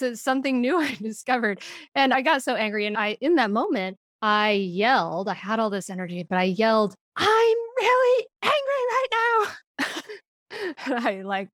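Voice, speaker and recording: A woman's voice: on the high side, clear, resonant tone, dry recording, clean studio sound. Laughing woman sharing parenting stories. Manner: animated, laughs often, acts out quotes. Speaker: podcast guest, parenting author. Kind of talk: casual interview talk.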